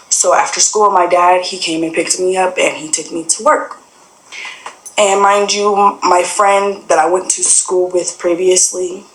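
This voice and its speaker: A young adult woman, a guest, shares a personal story in a loose, rambling way, leaning on fillers and acting out the conversations she quotes. Her voice is somewhat low yet a bit bright, and the room adds a noticeable echo.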